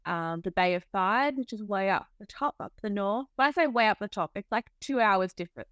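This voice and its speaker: A young Australian woman, a midwife, chatting easily as a podcast guest, friendly and relaxed, often trailing off softly. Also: mid-range voice, brisk, clear, resonant tone, dry recording, studio quality. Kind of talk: casual interview chat.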